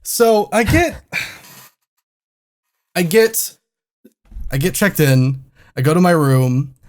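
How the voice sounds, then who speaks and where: A man with a slightly high voice tells a long, rambling travel story. He swears casually and sounds exasperated by each new mishap. It has the loose, conversational feel of a comedy podcast. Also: lively intonation, drawn-out words. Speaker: podcast co-host.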